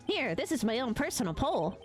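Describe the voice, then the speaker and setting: A woman's voice: on the high side, very animated, fairly quick, soft background music. A woman voicing a cheerful, bumbling male detective while reading game dialogue aloud, in a folksy tone. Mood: upbeat. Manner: folksy, calls people pal.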